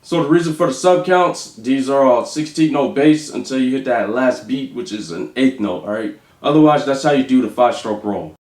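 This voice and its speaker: A man teaching drum rudiments, calling out stickings and counting beats aloud slowly. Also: medium pitch, animated, darkish tone. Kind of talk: instructional demonstration. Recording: echoey room with faint noise.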